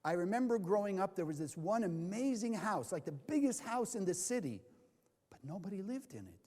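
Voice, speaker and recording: A man's voice: high voice, sing-song, fairly quick, mellow. A man from California teaching a Kabbalah class, asking the audience questions and answering them himself. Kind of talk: lecture to a live class. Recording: long hall reverb.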